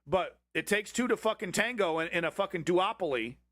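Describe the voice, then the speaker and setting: Brief: male stream host, angry profane rant, higher-pitched voice, dry close sound. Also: expressive, fairly quick, a bit bright, no room sound. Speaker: livestream host. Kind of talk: profane political commentary over a clip.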